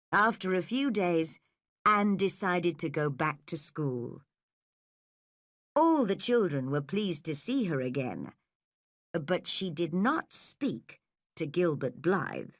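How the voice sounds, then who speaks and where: Slow, expressive woman narrator. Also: low voice, dry recording, clean studio sound. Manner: careful, expressive storytelling. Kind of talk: slow, clear audiobook narration for learners.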